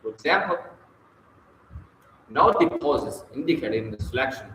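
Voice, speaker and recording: A man slowly reading a book on public speaking aloud, pausing often and sometimes slipping over words. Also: medium pitch, animated, bright, forceful tone, echoey room, long reverb tail, a little hiss or hum, rough recording. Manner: slow, deliberate reading with long pauses, occasional slips.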